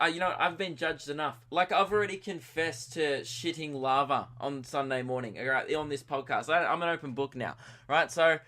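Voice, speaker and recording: A young Australian man in his early twenties hosts his own podcast and talks alone. He tells a comic story in a rambling, self-mocking way that keeps tipping into excitement. His voice has a bright, forceful edge at an ordinary male pitch. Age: early 20s. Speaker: podcast host.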